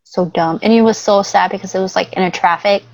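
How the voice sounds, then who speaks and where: A woman's voice: medium pitch, fairly even intonation, brisk, vocal fry, low-quality recording. A young woman in a casual chat as a guest, talking in a rambling way and laughing often.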